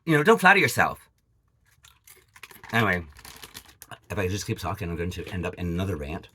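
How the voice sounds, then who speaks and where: A man's voice: deep voice, very animated, brisk, sharp tone, a little hiss or hum. A man from Canada ranting angrily and profanely to camera in a vlog, with many repeated asides. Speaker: vlogger.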